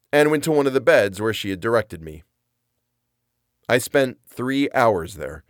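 A man's voice: on the low side, no echo, clean studio sound. A man narrating a comedic first-person story in a wry, self-deprecating, rambling way.

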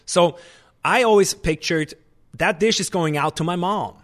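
A man, a restaurant chef and owner, talking in an animated, emphatic way in a casual interview. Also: sits high, unhurried.

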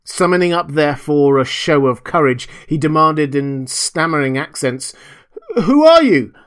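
A man reading a classic gothic tale aloud as a storyteller, theatrical and sinking to hushed tones at the tense parts. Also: mid-range voice.

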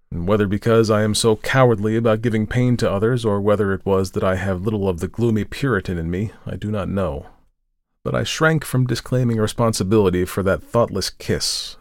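A man's voice: on the low side, dry recording. A man hosting a podcast, reading a story aloud dramatically and raising his voice for the quoted dialogue. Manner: lifts his voice for quoted speech, slows for tense moments. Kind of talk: dramatic audiobook narration.

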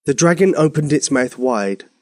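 A man narrating a bedtime story for young children, expressive and animated. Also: on the high side, moderate pace.

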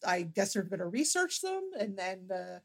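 A woman's voice: mid-range voice, sing-song, moderate pace, slightly rough. A woman co-hosting a podcast in casual chat, often repeating words while gathering her thoughts. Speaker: podcast co-host.

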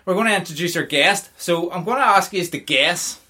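A man's voice: sits high, fairly quick, pushed and bright. A man with a Northern Irish accent hosting a podcast, joking and laughing as he chats. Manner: jokey, laughing, rambling. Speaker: podcast host. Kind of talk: casual chat.

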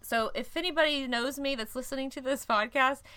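Woman cohosting a podcast, bright voice, rambly chatty storytelling with lots of laughs. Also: high voice, a little fast, smooth. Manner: rambling, laughs often, self-interrupting. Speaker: podcast co-host. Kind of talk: casual chat.

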